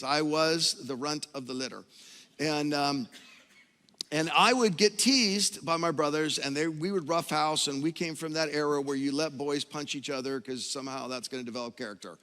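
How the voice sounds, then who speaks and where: Middle-aged male pastor, storytelling sermon that swings from hushed to emphatic, forceful tone, long church-hall echo. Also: fairly high pitch.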